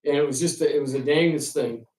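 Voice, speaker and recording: Ferry pilot telling tales to a crowd, higher male voice, animated, heard from a distance in an echoey room. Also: fast. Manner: animated anecdotes, acting out quoted exchanges. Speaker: ferry pilot and author giving a talk. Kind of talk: storytelling talk to an audience. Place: room with an audience.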